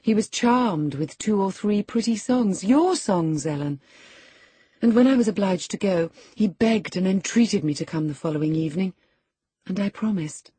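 A woman voicing a spirited, proud young woman who tells her story in a lively, scornful way. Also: medium pitch, normal speed, husky, no room sound. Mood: animated.

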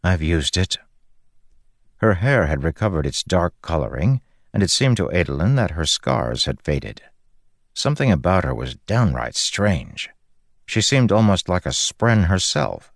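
Deep-voiced male audiobook narrator. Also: gravelly, dry recording, studio quality. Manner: even, measured.

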